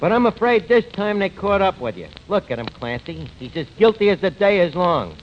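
Wisecracking tavern boss, fast slangy patter, 1940s radio comedy, muffled old recording. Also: male voice, high-pitched, sing-song. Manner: fast-talking, sarcastic, slangy. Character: brash wisecracking male tavern manager. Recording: dull lo-fi old radio recording, faint hiss.

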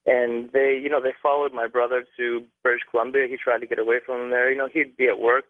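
Calling in to a radio show, a young Canadian man tells a long story packed with fillers and restarts. He talks fast at a medium pitch with a level tone, and the phone line sounds tinny and dry, with no echo.

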